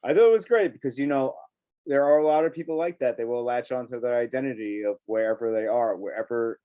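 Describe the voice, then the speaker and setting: A man's voice: mid-range voice, quick pace, muffled recording. A man co-hosting a casual TV review chat, talking in an emphatic, chatty way and laughing often. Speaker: co-host of a TV review show.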